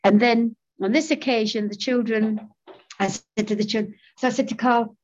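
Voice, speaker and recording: A woman's voice: a little high, steady tone, moderate pace, a little mellow, muffled recording, slight background noise. A middle-aged woman giving a personal recovery testimony, candid and self-mocking, laughing often as she talks. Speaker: speaker sharing recovery story.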